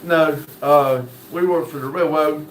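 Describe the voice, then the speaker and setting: A man hosts a livestream, reading viewers' chat messages aloud in a folksy, easygoing way. His voice sits high for a man. The sound is echoey, as if he is in a bare room. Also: fairly even intonation, unhurried, slight background noise. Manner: folksy, easygoing, many "uh" fillers. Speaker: livestream host. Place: indoor room.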